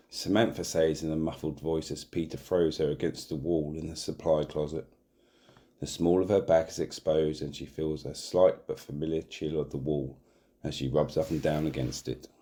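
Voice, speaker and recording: A man hosting and narrating a comic erotic audio story in a deadpan way, sometimes stumbling over words and laughing. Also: rumbling low. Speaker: narrator and host.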